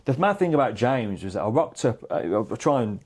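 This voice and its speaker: A man, a chef, telling stories in a casual chat, animated and swearing freely, calling people "mate". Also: mid-range voice, fairly quick. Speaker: chef guest.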